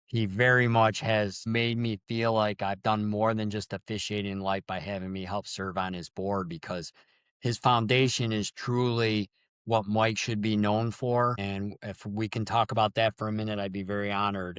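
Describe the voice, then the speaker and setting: A middle-aged man with a low, smooth, resonant voice, telling heartfelt stories as a guest in a conversation. He speaks openly and earnestly, and the recording is close and dry. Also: fairly bright tone, no echo. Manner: earnest, emotional storytelling. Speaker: guest, sports official. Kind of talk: storytelling interview.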